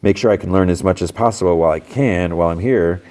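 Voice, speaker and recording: A man's voice: deep voice, fast talker, a little mellow, lightly acted. A man voicing a friendly, easygoing teenage football captain.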